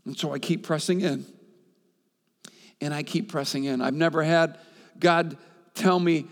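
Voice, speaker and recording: Male pastor, impassioned sermon delivery, fairly high voice, loud peaks and hushed asides, long hall echo. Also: fairly even intonation, unhurried, pauses often. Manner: impassioned, swings from loud and high to soft, repeats himself.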